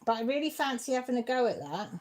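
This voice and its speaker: A woman chats casually on a live stream from her craft table at home. Her voice sits a little high, and she talks in a chatty, warm-hearted way that is emotional and close to tears. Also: animated, fast talker. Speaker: craft channel host.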